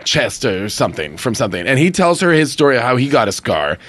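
A man's voice: mid-range voice, big pitch swings, fast, fairly bright tone. A man co-hosting a comedy podcast. He riffs wryly and explains scenes in casual banter. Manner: wry, riffing banter. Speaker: podcast co-host.

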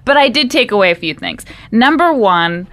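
A woman co-hosting a casual comedy podcast, delivering a list of jokey lessons in a deadpan way and laughing at herself. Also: fairly high pitch, normal speed. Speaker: podcast co-host.

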